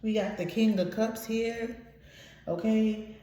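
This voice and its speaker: A woman's voice: a little high, fairly even intonation, takes it slowly, mellow, slight background noise. A woman giving a casual tarot reading to her viewers, emotional and blunt, swearing freely. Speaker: tarot reader. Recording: very echoey room.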